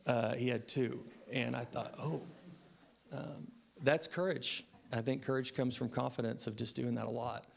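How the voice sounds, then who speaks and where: A man in his thirties delivers a eulogy at a funeral service in a gravelly, mid-pitched voice. He tells family stories unhurriedly and reflectively, often pausing on "um.". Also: flat delivery. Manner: unhurried, reflective, with frequent "um" fillers. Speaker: grandson giving a eulogy. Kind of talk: funeral eulogy, personal storytelling.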